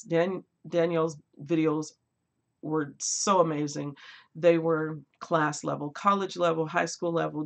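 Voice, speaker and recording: Young woman, book live-stream host, lowish voice, laughs a lot, relaxed chat with viewers. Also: vocal fry. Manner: laughs often, chatty and lively, reads out viewer comments.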